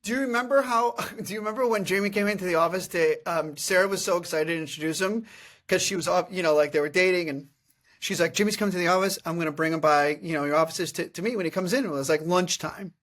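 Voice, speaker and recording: A man in his thirties hosting a podcast, telling comic stories in a casual, animated way and often laughing. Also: high-pitched, quick pace. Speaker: podcast host. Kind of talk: casual comedic storytelling.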